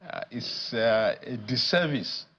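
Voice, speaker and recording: Slow, measured man. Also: medium pitch, animated, a bit bright, lo-fi sound. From Nigeria. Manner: measured, deliberate, pausing with frequent fillers. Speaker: guest analyst, addressed as professor. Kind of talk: studio news interview.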